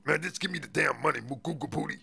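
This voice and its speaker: A gruff, blustering cop on the take, as a man voices him in a game role-play, with a deeply gravelly, husky voice. He is bright and forceful, pitched a touch high, and he stammers through slangy street talk. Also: fast talker, full character voice. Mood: threatening. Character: crooked male cop after a bribe, gruff and blustering. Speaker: police officer.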